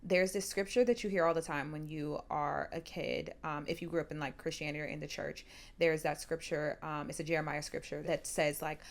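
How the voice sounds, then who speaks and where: A woman's voice: sits low, steady tone, fairly quick, vocal fry. A young woman co-hosting a casual podcast chat, talking emphatically and punctuating points with firm one-word agreements. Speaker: podcast co-host.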